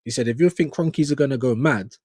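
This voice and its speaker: A man's voice: mid-range voice, fast, darkish tone, slightly rough, no echo, studio quality. A man co-hosting a casual football chat, chatty and emphatic, with slang. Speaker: co-host.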